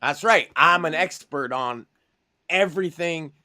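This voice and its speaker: Man, brash, profane, mocking, high-pitched voice. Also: unhurried, pushed and bright. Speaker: podcast co-host. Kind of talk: crude comedic podcast banter.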